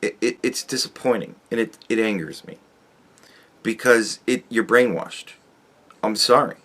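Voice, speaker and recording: A man's voice: fairly low pitch, measured pace, fairly bright tone. Profane sarcastic man in his forties. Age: 40s. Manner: profane, sarcastic, talks straight to the viewer. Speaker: YouTube commentator. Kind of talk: ranting political commentary.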